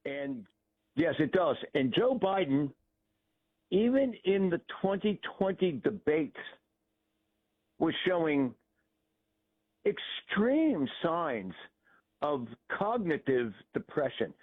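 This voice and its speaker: Man, phone-in caller, rambling, opinionated, lively voice, tinny phone sound. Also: fairly high pitch, takes it slowly, pauses often. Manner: rambling, opinionated, hesitant restarts. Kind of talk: phone-in call. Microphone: telephone.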